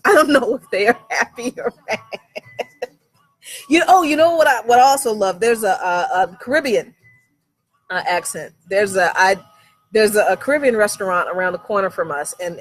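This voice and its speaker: A woman's voice: mid-range voice, a bit bright. Chatty, enthusiastic woman from Virginia. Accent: faint Southern American. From Virginia, USA. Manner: chatty and enthusiastic, with frequent laughs. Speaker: livestream host. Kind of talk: casual outdoor livestream chat, reading viewer comments. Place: outdoors at home in the evening.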